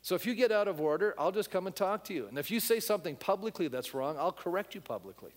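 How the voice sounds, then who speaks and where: A man's voice: high-pitched, lively intonation, fast talker, in a large hall. A male pastor preaching a sermon, blunt and emphatic, talking to the congregation in a conversational way and asking them questions.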